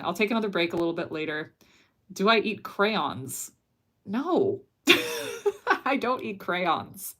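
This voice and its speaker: A woman's voice: on the low side, fairly bright tone. Bubbly woman chatting on a livestream. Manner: bubbly, giggly, reads chat messages aloud and answers them. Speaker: animator streaming live and answering chat. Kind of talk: casual livestream chat.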